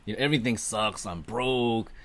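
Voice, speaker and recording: A man's voice: fairly low pitch, moderate pace. A man co-hosting a casual podcast who listens closely, agrees often, and then explains his own view. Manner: attentive listener, frequent agreeing backchannels. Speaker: podcast co-host.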